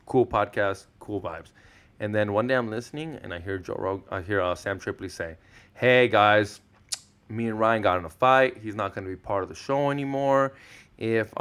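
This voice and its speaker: A man in his thirties, Spanish his first language, telling stories on a podcast in a loose, slangy way. He swears freely and acts out the people in his stories, his pitch climbing high when he gets excited. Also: clear, resonant tone. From Mexican-American, Southern California. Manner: animated storyteller, slangy, swears, acts out quotes. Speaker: podcast guest. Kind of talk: casual podcast storytelling.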